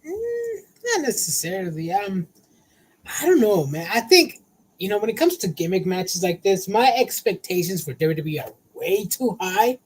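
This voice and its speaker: A man co-hosting a casual wrestling talk show, excitable and slangy, calling his partner bro. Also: high-pitched, moderate pace, husky, poor audio. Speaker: podcast co-host.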